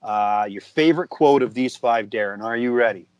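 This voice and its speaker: Male podcast co-host, middle pitch, chatty and quick to laugh, dry sound. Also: smooth, no echo. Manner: laughs often, reads out quotes. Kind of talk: casual movie review chat.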